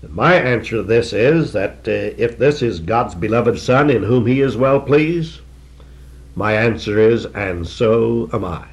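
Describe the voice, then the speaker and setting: An older man preaching a sermon in an earnest, emphatic way, repeating key phrases and slowing down to stress them. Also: medium pitch, expressive, highs cut off.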